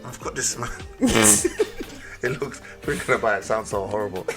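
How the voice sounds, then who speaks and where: A man's voice: lowish voice, moderate pace, faint music behind. A man, a podcast guest, telling stories in casual chat and dropping to a near-whisper for emphasis. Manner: animated storyteller, drops to near-whisper for emphasis.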